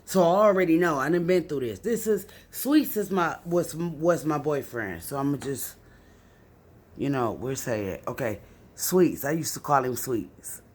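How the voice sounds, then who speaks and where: A woman's voice: expressive, unhurried. Raw, profane woman telling her story. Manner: raw, profane, swings from low and subdued to loud and angry. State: tipsy from drinking. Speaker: vlogger. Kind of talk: emotional personal storytelling.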